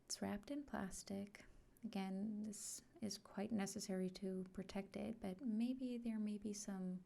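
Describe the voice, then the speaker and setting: A woman hosts an unboxing vlog in a soft, often whispered voice. She speaks slowly and gently, and her voice is mellow and dark, with a gravelly fry at its edges. Her pitch sits in an ordinary middle range. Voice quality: frequently whispered. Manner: slow, gentle and soft-spoken. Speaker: art vlogger.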